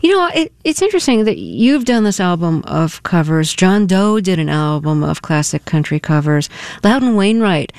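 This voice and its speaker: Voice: mid-range voice, big pitch swings, moderate pace, a little mellow, clear, resonant tone, dry recording. Curious radio interview host, clean voice. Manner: curious and engaged, with stops and restarts in questions. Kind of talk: radio interview and scripted introductions.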